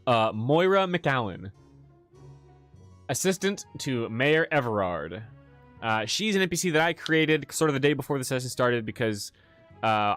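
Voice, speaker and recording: A man hosting a relaxed livestream, chatting casually as a game master about his campaign, with a self-deprecating, joking manner. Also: mid-range voice. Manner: relaxed and chatty, laughs at himself. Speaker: game master and channel host.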